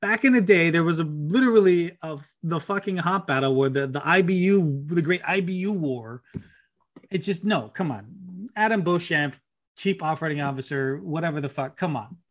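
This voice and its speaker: A man in his thirties, sitting fairly high for a male voice, rants through a casual podcast chat. He swears freely, lets sarcasm and mock outrage carry his lines, and keeps the banter loose. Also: lively intonation, normal speed. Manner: ranting, sarcastic, swears a lot. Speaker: podcast co-host.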